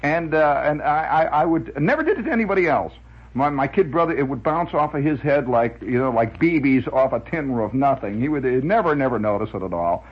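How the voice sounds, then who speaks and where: Husky man telling rambling radio stories. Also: mid-range voice, fairly quick, muffled recording. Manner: lively, chuckling, full of filler "uh"s. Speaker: radio monologist. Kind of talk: rambling storytelling monologue.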